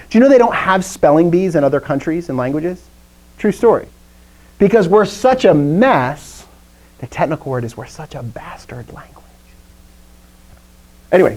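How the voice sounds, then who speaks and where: A woman's voice: on the low side, dark tone. A woman teacher leads a live lesson over a video call, chatty and joking as she quizzes her class.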